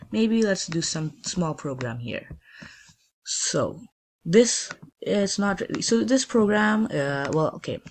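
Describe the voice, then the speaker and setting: A man's voice: a little high, slight background noise, rough recording. A man hosting a casual screen-recorded coding tutorial. He thinks aloud while clicking and often restarts his sentences.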